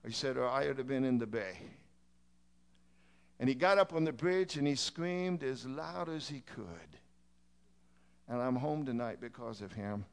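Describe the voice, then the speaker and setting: Smooth-voiced preacher telling a story. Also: male voice, mid-range voice, lively intonation, unhurried, long pauses. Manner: builds from quiet telling to shouted pleading. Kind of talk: sermon illustration storytelling.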